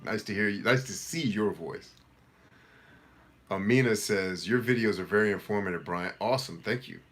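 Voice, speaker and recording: A middle-aged man hosting a live coaching Q&A, reading viewer comments aloud and giving direct, energetic, motivational advice in a casual way. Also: lowish voice, moderate pace.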